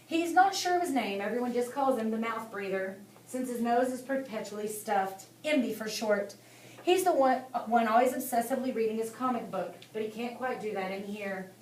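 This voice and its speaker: Woman narrator, higher voice, distant mic, roomy echo, faint hiss. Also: moderate pace, a little mellow. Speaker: audiobook narrator. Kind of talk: scripted narration.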